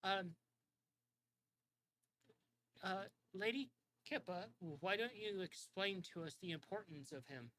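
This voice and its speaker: A man voicing a prim and proper noble queen in a high, dainty, polite voice. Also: slow pace, long pauses, bright, forceful tone, a little hiss or hum, heavily acted.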